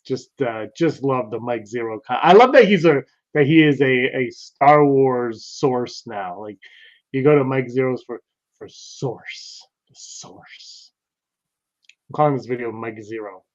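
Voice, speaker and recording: A man's voice: mid-range voice, expressive, normal speed. A man co-hosting a podcast in casual, rambling chat, laughing a lot. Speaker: podcast co-host. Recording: dull lo-fi sound.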